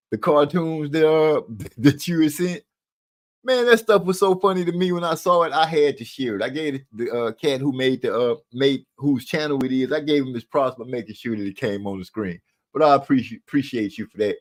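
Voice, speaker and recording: A man hosting a casual boxing live stream from a room at home, talking in a rambling way with lots of fillers and restarts. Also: medium pitch.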